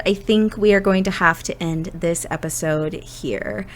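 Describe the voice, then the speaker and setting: A woman's voice: fairly low pitch, unhurried. A woman narrating her life-simulation game in a casual, chatty way, often restarting her sentences. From Indiana. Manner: chatty, many restarts and "you know" fillers. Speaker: Sims gameplay narrator. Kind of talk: casual gameplay storytelling.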